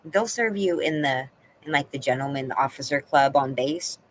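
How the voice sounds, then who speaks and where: A woman's voice: extremely low pitch, moderate pace, slight background noise, poor audio. A woman hosting a live stream from home, chatting casually and answering her viewers by name. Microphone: laptop.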